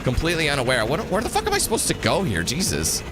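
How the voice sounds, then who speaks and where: A man's voice: fairly high pitch, wildly swooping pitch, fast, noisy background. A man giving casual gameplay commentary, rambling into a profane rant. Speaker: gameplay video creator.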